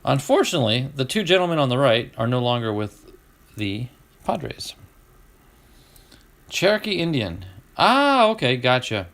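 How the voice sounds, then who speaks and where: A middle-aged man hosting a casual stream, opening card packs and chatting with viewers, getting excited over each card. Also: medium pitch, normal speed, long pauses. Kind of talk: casual live-stream chat.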